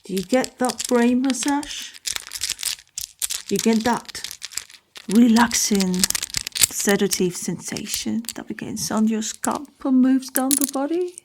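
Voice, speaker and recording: Brief: a woman hosting a solo talk show, easygoing and slow-paced, thinking aloud as she goes. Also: fairly high pitch, background noise. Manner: rambling, self-correcting, musing aloud. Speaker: podcast host.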